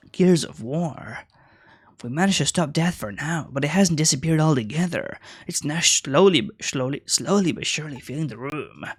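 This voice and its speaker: A man casually commenting while playing a video game, reading the game's text aloud and swearing offhandedly. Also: on the high side.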